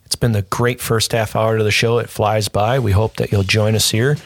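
A man's voice: lowish voice, flat delivery, normal speed. A man hosting a radio talk show, steering the conversation and wrapping up the segment. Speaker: radio host.

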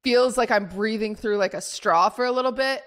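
A young woman co-hosting a podcast, telling a story in a rambling, animated way full of "like". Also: on the high side, moderate pace. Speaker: podcast co-host. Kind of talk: casual chat storytelling.

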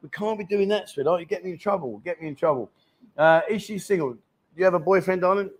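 A man's voice: high-pitched, fast, a little hiss or hum. A man in his fifties hosting a live chat show, joking and teasing guests and viewers in casual banter. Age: 50s.

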